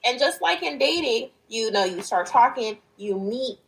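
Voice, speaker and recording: Measured female co-host with a slightly high voice. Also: lively intonation, rough recording. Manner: measured, explains things, a churchgoer. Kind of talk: casual chat.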